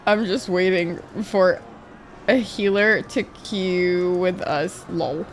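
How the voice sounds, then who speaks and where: A woman streaming a game, chatting casually with viewers, excitable and swearing a lot. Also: lowish voice, slow pace, a little hiss or hum. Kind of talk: casual live-stream chat. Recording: faint music behind.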